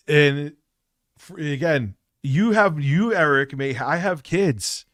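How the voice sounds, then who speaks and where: A man's voice: medium pitch, animated, takes it slowly, long pauses, a bit bright, dry recording, clean studio sound. A man hosting a livestream, reacting to clips with mocking, combative commentary. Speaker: livestream host.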